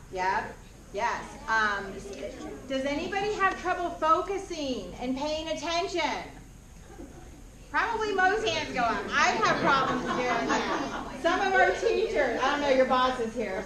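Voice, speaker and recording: A woman presenting to a class of schoolchildren, animated and asking them questions. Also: sits high. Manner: animated, asks the children questions. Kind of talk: speaking to a class of students. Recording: echoey classroom from far off.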